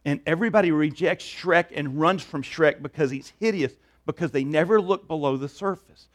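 High-voiced man preaching a sermon. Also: moderate pace. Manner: conversational, repeats words. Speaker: pastor.

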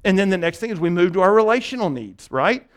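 A man's voice: high-pitched, expressive, fast, clean tone. A male pastor preaching a conversational sermon, often restarting phrases and checking in with "right?".

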